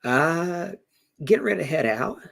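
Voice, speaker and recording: Man doing a raised-voice, teasing young woman vampire, gravelly edge. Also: a little high, very animated, normal speed, a bit bright, voice pushed up, full character voice. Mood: breezy. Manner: breezy, teasing, generous.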